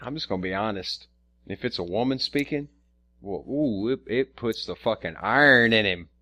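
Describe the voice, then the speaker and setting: A man's voice: on the low side, animated, normal speed, bright, forceful tone. A man co-hosting a podcast in casual chat, rambling and profane, stammering and restarting often. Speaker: podcast co-host.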